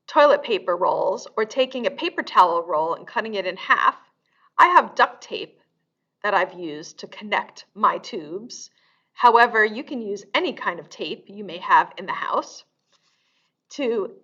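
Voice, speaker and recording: Lady librarian doing kids storytime, sing-songy, swoops up and down a lot, takes it slow. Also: mid-range voice, lo-fi sound. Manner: animated, sing-song, exaggerated for young children. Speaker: children's librarian.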